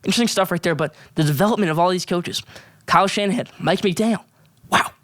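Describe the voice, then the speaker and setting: A high-voiced man hosting a sports show, ranting hard about coaches and players. He jumps up in pitch and punches his points with loud, fired-up emphasis. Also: quick pace. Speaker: sports podcast host. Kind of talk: solo sports rant.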